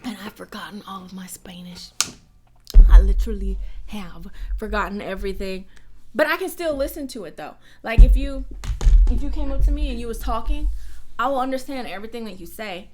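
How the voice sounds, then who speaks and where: A woman's voice: mid-range voice, a little fast, noisy background. A young woman from the United States chatting casually on a live stream from home, rambling and reading out donor messages.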